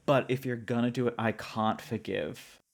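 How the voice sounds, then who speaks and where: A man's voice: mid-range voice, steady tone, normal speed, creaky. A man co-hosting a podcast in casual chat, blunt and opinionated, swearing for emphasis. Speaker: podcast co-host.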